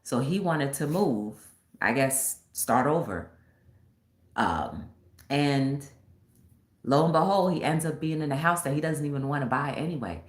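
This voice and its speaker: A woman's voice: low-pitched, lively intonation, a little slow. A woman talk show host casually retelling a film story, acting out the scenes as she goes. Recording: echoey room with faint noise.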